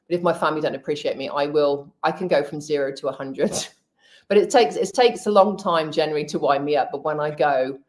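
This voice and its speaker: Lady in her middle years, kinda low voice, chatty and candid on a live stream. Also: brisk, a little mellow. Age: middle-aged. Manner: candid, chatty, gives practical tips. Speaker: hypnotherapist and healer. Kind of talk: casual live-stream chat.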